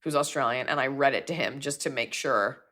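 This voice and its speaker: A comedian in her forties hosting a casual chat, answering fan questions and jumping into quick accent bits. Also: rumbling low. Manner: animated, jumps into quick bits of accents and impressions.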